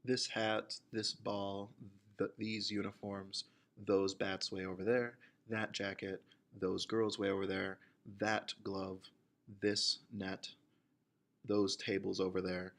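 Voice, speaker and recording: A man teaching a recorded grammar lesson, explaining slowly and reading example phrases aloud one by one. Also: fairly low pitch, a bit bright. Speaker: Spanish teacher.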